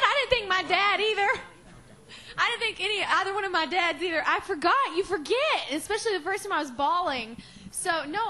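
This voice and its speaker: Young woman, high bright voice, teary and giggly, rambling press answers. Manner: emotional, laughing and tearful, rambling with fillers. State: crying. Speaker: award-winning singer at press conference. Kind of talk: backstage press Q&A.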